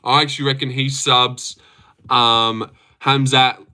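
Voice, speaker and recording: Here the young Australian host of a laid-back livestream goes through chat, rambling with frequent swearing and laughter. His mid-range voice barely moves in pitch and comes out slow, pushed, bright, and smooth.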